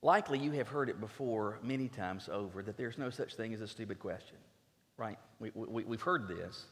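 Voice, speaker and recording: A man preaching a sermon as a pastor, emphatic and earnest, often stumbling into quick restarts as he drives his points home. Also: on the low side. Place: church sanctuary. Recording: long reverb of a church sanctuary.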